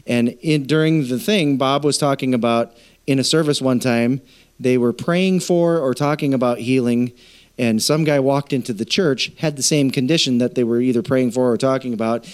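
In a church, a pastor with a medium-pitched, slightly mellow, clear and resonant voice preaches at normal speed. He addresses the congregation directly in a casual, conversational way, telling stories and acting out quoted voices.

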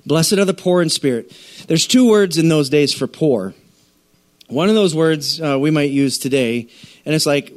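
A man preaching a sermon to a church congregation, animated and conversational, often acting out the voices of listeners. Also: fairly high pitch, moderate pace. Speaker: pastor.

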